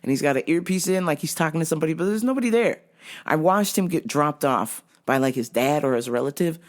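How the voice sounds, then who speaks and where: A woman telling a story in a casual vlog, animated and profane, often laughing. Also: low voice, fast talker. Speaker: vlogger.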